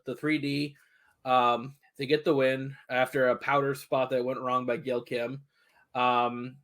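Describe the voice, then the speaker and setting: A man's voice: medium pitch, a bit bright. A man co-hosting a wrestling podcast, recapping matches with many hesitations and amused disbelief. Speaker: podcast co-host.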